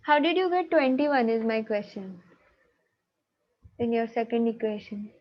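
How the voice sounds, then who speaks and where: A woman's voice: a little high, measured pace, muffled recording. A woman math teacher, patiently checking students' answers in an online class over a video call.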